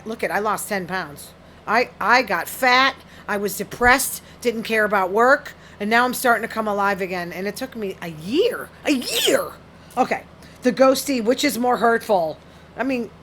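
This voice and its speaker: A woman's voice: medium pitch, normal speed, a bit bright, slight background noise. A woman hosting a solo talk show, reading study findings aloud and reacting to them bluntly and frankly. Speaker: podcast host. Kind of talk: casual solo commentary reading news.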